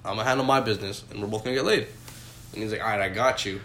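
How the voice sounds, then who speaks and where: A man's voice: lowish voice, very fast, bright, forceful tone, slight background noise. Laughing young man in an echoey room. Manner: laughs a lot while telling stories. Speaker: podcast co-host. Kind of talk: crude casual chat.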